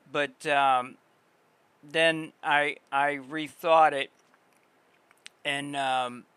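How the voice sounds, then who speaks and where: A man's voice: mid-range voice, pushed and bright. A man live-streaming, chatting casually with his viewers in a rambling way, full of fillers and restarts. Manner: rambling, filler-heavy, talks to chat.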